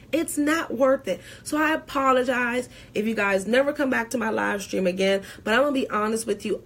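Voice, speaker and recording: Emphatic woman tax preparer lecturing viewers. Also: a little high. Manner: emphatic, preachy, repeats key points. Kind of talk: live stream advice talk.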